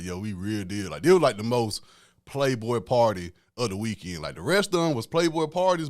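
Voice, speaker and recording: A young man hosts his podcast alone, telling stories in loose slang and laughing often. His voice sits low but swings widely in pitch. The sound is close and dry, with no room around it. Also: dry recording. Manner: animated, laughing storyteller, slangy. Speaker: podcast host. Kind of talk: casual solo storytelling.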